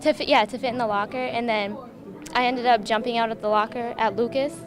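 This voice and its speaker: A woman's voice: on the high side, steady tone, a little fast, over music. A woman from a film's cast answering in a shy, hesitant way. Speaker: film cast member. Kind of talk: casual event interview. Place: outdoor red carpet premiere. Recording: noisy crowd outdoors.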